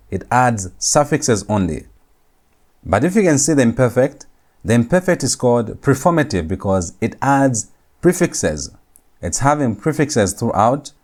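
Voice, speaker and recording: A man's voice: mid-range voice, darkish tone. A man teaching a recorded grammar lecture, repeating each key point and saying every form twice. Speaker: Hebrew teacher.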